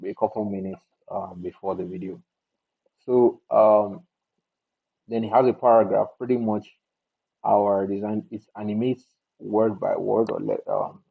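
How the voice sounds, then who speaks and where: A man with a low, gravelly and husky voice talks through an editing tutorial in a relaxed way. He thinks aloud and restarts his sentences as he goes. The sound is thin and tinny, like a phone line. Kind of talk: casual screen-recorded tutorial.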